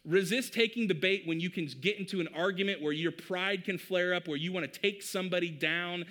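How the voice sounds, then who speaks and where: Pastor, male, thirties, relaxed talky sermon delivery with a bright, slightly high voice. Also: brisk. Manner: conversational, addresses the crowd as "you guys".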